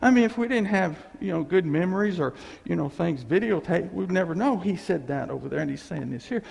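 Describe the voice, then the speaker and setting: Animated preacher with a gravelly, high voice. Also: male voice, a little fast. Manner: animated, folksy, laughing asides. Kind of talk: sermon. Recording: echoey hall with long reverb.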